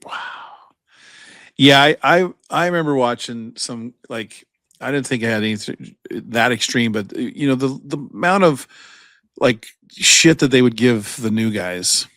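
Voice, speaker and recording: A man's voice: mid-range voice, unhurried, no room sound. Profane storytelling man, dry sound. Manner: profane, animated anecdote-telling. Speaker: podcast co-host. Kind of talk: casual storytelling chat.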